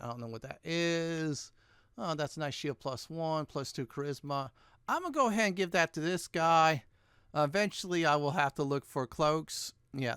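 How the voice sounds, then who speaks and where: Smooth-voiced man doing game commentary. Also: a little high, fairly bright tone, dry recording, clean studio sound. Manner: chatty, thinking aloud while looting. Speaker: gaming channel host. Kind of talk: let's-play commentary.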